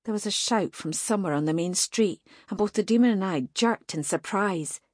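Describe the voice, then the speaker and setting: A woman narrating a first-person fantasy audiobook in a tense, even storytelling manner. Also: medium pitch, moderate pace, dry recording, studio quality.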